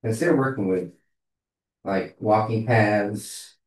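A man in a casual meeting discussion, talking haltingly as he searches for words. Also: on the low side. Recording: echoey room, far from mic.

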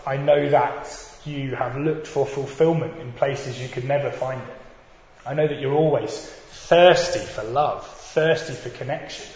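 A man voicing Jesus as a calm, knowing man, in an earnest, measured scripture retelling. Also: fairly high pitch, natural voice. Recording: dull echoey hall with faint noise.

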